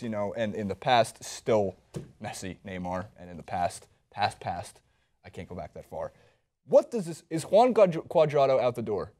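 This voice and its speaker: A man's voice: medium pitch, dark tone, slight background noise. A man co-hosting a sports show who jokes around and banters playfully while running through football memes and questions. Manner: playful, joking, self-mocking banter. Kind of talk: casual joking sports chat.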